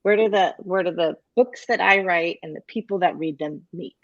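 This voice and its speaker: A woman's voice: on the low side, normal speed, no echo. A woman author offers encouraging advice on a panel, with a light laugh here and there. Her voice has a dull, slightly muffled recording quality. The room sounds dry. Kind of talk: casual panel chat.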